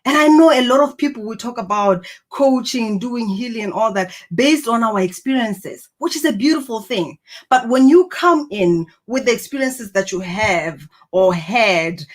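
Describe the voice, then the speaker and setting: A woman's voice: a little high, lively intonation, moderate pace. A woman giving an earnest, encouraging motivational talk to camera, reflecting on personality and purpose. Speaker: personal growth speaker.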